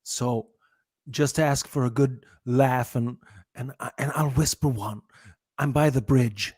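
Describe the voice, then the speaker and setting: A man voicing a sheepish male cougar puppet who keeps his voice hushed and low-key. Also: fairly even intonation, takes it slowly, breathy edge, no echo, studio quality.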